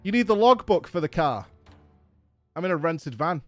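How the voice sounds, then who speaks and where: A man's voice: on the high side, sing-song, moderate pace, a bit bright, soft background music. An English man telling a casual story as a streamer host, exasperated and swearing as he acts out each exchange. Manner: exasperated, profane anecdote with acted-out dialogue.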